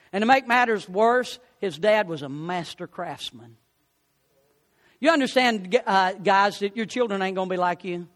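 A man's voice: sits high, a bit bright, long reverb tail. A man preaching a sermon, telling folksy stories and rising to fervent appeals.

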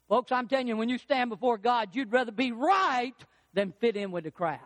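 A man's voice: high-pitched, moderate pace, hardly any pauses. A man preaching a sermon, telling stories and acting out what people say. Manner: animated storytelling preacher, acts out voices. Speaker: pastor. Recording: dry with long hall reverb.

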